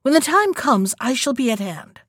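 A woman reading a scheming old witch, bossy and sharp. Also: high-pitched, very animated, moderate pace, breathy edge, no echo, clean studio sound, exaggerated voice. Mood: commanding.

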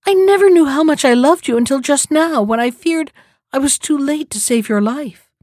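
A tender young heroine, pleading and close to tears, as a woman reader voices her in a high, bright register. The sound is dry and close, with no room around it. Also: moderate pace, no room sound, lightly acted. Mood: relieved.

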